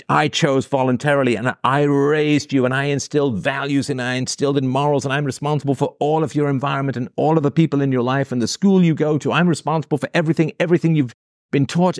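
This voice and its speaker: A man's voice: medium pitch, no room sound, studio quality, natural voice. A man putting on a smug, self-righteous parent who blames their own child, in a mocking sing-song voice.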